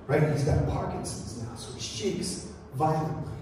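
A man preaching a sermon as pastor, telling stories in a lively, joking way. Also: on the high side, moderate pace, a little hiss or hum. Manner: storytelling, animated and joking. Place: church sanctuary. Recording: echoey church hall from far off.

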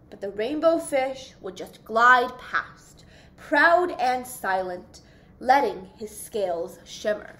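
Young woman, high-pitched, unhurried, sing-song storybook reading. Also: animated, a bit bright. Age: young adult. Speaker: youth volunteer reading aloud. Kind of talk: children's storybook read-aloud.

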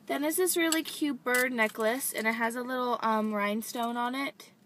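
A young woman talking in a bubbly, chatty way, full of "like" and "really," with a fairly high voice. She records a casual unboxing vlog inside her parked car, from a camera set on the dashboard. A faint hum sits behind her. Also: moderate pace, fairly bright tone. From United States. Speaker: vlogger. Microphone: handheld camera set down on the dashboard.

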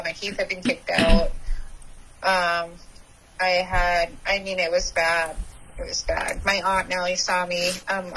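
A woman's voice: on the low side, fairly bright tone, a little hiss or hum, rough recording. Candid woman telling her recovery story. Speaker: podcast guest.

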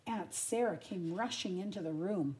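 An older grandmother reading a children's storybook aloud in a gentle, expressive way, adding little asides for her listeners. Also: fairly low pitch, normal speed.

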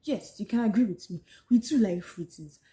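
Nigerian woman, casual vlogger, mid-pitched and conversational, recorded in a roomy space with faint background hiss. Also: animated, normal speed, dark tone. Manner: chatty, repeats "so yes", talks to viewers directly. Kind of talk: casual book-summary vlog.

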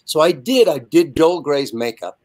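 Older guy in his 70s telling a story on a video call, bit high voice, animated. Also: moderate pace. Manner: lively, animated storyteller with frequent asides. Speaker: guest. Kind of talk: casual anecdote storytelling.

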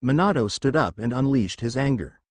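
A man narrating a fan fiction story in a steady reading voice. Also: mid-range voice, moderate pace, no echo.

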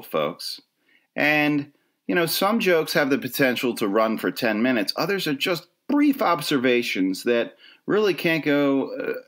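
A man's voice: medium pitch, fairly bright tone. A middle-aged man from the Philadelphia area, hosting his own podcast in a wry, rambling, self-deprecating monologue. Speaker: podcast host. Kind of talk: casual solo podcast monologue.

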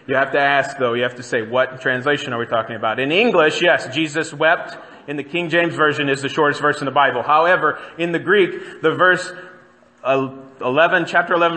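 A man's voice: fairly high pitch, sharp tone, long reverb tail. A man preaching a sermon as pastor, talking in a conversational way and putting questions to the congregation. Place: church sanctuary.

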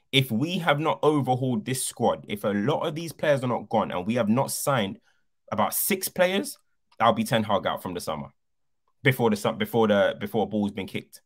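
Animated, emphatic man ranting about football. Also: on the low side. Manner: animated, emphatic, repeats points for effect. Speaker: football podcast co-host. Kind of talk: passionate football debate.

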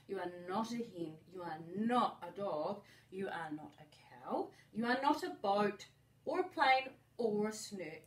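An older woman voicing a small, lost baby bird in a high, childlike, pleading voice while reading a storybook aloud. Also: expressive, unhurried, natural voice. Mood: sure, gentle. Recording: roomy, mic at a distance.

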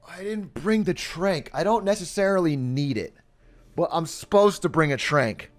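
Young guy streaming a speedrun, cursing n laughing, faint game music behind, kinda high voice. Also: normal speed. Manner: excitable, swears a lot, laughs often, frustrated outbursts. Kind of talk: live gameplay commentary.

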